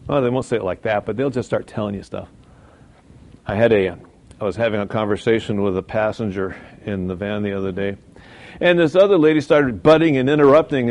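A man's voice: lowish voice, a little fast, darkish tone. A man teaching from the Bible in a folksy, informal way, with asides and mock voices. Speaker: preacher.

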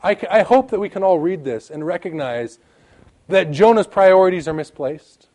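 A man's voice: high voice, lively intonation, normal speed, mellow. A man preaching a sermon, reading scripture aloud with emphatic rises and drops in his delivery. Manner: emphatic, rising and falling, reads scripture aloud.

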